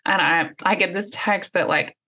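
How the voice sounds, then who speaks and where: A woman's voice: lowish voice, moderate pace, bright, forceful tone, husky. A woman chatting casually on a video call, laid-back, laughing often and giving short replies. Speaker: podcast co-host. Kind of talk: casual chat.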